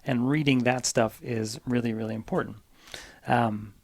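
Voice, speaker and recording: Gravelly-voiced man from New Jersey. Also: mid-range voice, steady tone, moderate pace, a little mellow. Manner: rambling, enthusiastic storytelling with many restarts. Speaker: guest, nature mentor and bird language teacher. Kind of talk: casual conversation.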